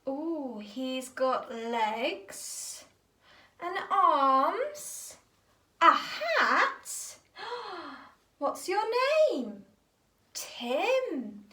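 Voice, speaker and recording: A woman's voice: high-pitched, very animated, extremely slow, pushed and bright. A woman leading a bucket activity for a small child, narrating toys in an exaggerated sing-song voice full of gasps. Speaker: early-years teacher leading a bucket activity. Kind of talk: child-directed play narration.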